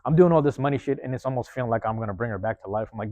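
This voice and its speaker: A man hosting a podcast, telling a personal story in a rapid, profane, casual way and acting out the lines of the people in it. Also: medium pitch, no echo. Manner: profane, rapid, animated retelling with acted-out quotes. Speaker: podcast host.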